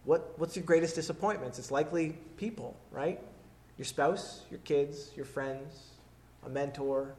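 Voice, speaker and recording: A man preaching a sermon in an earnest, conversational way, retelling a story with fillers and restarts and dropping soft for quoted pleas. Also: fairly high pitch, measured pace.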